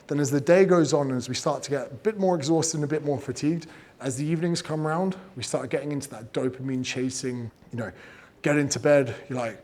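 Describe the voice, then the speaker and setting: A man giving casual, energetic advice on growing an audience, swearing freely and acting out what people say. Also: fairly high pitch, a little fast. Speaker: fitness and business coach giving creator advice. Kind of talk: casual talk, teaching.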